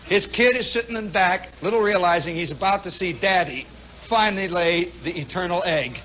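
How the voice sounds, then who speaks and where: A man, a radio host, telling a comic story live in a nightclub, animated and chuckling with lots of asides. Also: sits high, moderate pace, a little hiss or hum. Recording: muffled 1960s live radio recording.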